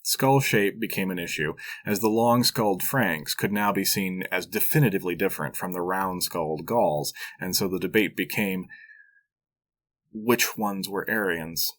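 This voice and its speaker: Deep-voiced man narrating history. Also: normal speed, a bit bright. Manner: dry asides and wry humor. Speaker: podcast host.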